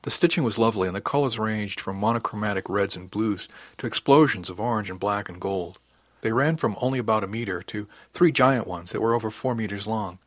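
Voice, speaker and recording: A man reading a novel aloud in the first person as an audiobook narrator, with even, unhurried storytelling. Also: lowish voice, no room sound.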